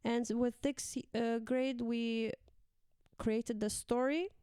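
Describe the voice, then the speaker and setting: Young woman teacher telling class stories as a guest, crisp voice, dry close sound, higher range. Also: fairly even intonation, takes it slowly, mellow, no echo. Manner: chatty, acts out quotes of pupils with laughs. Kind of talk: casual conversation.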